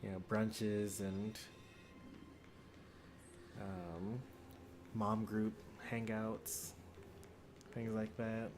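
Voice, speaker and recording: A man's voice: lowish voice, very slow, long pauses, over music. A man in his thirties, tired and yawning, rambling casually to viewers on a game stream. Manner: rambling, relaxed musing aloud. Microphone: desk USB microphone.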